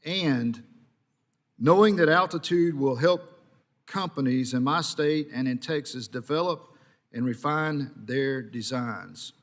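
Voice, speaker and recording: A man's voice: medium pitch, slow. A man from Georgia makes formal, rousing closing remarks at a committee markup. His voice trails into the long reverb of a large hearing room. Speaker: committee member.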